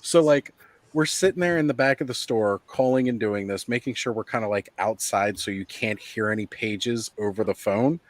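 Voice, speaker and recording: A man hosting a casual live stream, chatting and telling stories, animated when he quotes people. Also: fairly low pitch, normal speed, no echo, rough recording. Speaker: livestream host.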